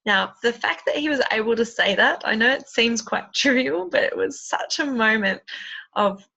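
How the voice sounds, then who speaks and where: A woman's voice: on the high side, expressive, moderate pace, creaky, pushed and bright. A woman, chatting enthusiastically and rambling with many ums in a casual tutorial. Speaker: essential oils seller. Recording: dull lo-fi sound.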